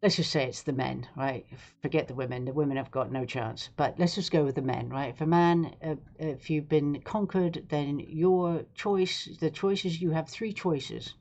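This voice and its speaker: A woman's voice: deep voice, moderate pace, few pauses, a little mellow. A woman hosting a live stream, talking in a rambling, sarcastic, digressive way. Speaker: livestream host. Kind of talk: casual live-stream commentary.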